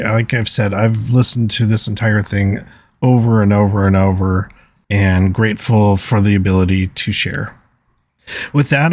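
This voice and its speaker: A man's voice: fairly low pitch, darkish tone, no echo. A man hosting a podcast alone, speaking in an earnest, reflective way as he reads out listener comments. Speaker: podcast host. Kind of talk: solo podcast talk, reading listener comments.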